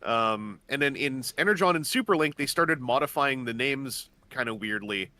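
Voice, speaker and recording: This man speaks at medium pitch with an animated, sharp tone and a moderate pace. Chatting casually on a gaming stream, he's an eager, rambling explainer who keeps using fillers and starting sentences over.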